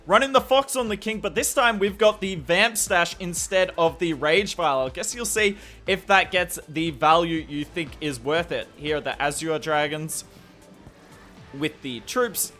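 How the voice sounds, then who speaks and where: Faint music runs behind this fairly high-pitched Australian man, whose bright, pushed voice moves at a normal pace. He's a gaming commentator talking over strategy footage, eager and explanatory, with a self-deprecating streak.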